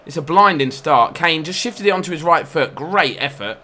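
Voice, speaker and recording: Bright-voiced lad commentating gameplay. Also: male voice, on the high side, moderate pace. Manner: excitable, bursts into loud outcries at near misses and fouls. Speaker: gaming YouTuber. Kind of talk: football video game commentary.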